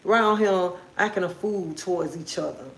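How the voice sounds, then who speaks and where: A woman's voice: on the low side, normal speed, creaky, echoey room, rough recording. A woman hosting a livestream, giving a repetitive, preachy, encouraging motivational talk. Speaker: livestream host.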